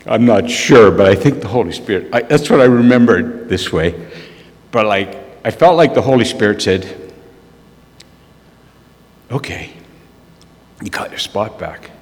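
Lively storytelling preacher man in hall. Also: fairly low pitch, moderate pace. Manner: animated storyteller who laughs at himself. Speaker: preacher sharing a testimony. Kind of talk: storytelling sermon. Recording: long reverb of a large hall.

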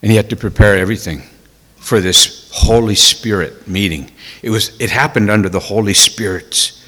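Guy preaching his testimony, teary, goes from whispers to loud outbursts, big hall echo. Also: on the low side, normal speed. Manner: emotional, swings from hushed whispers to loud exclaiming. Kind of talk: sermon testimony.

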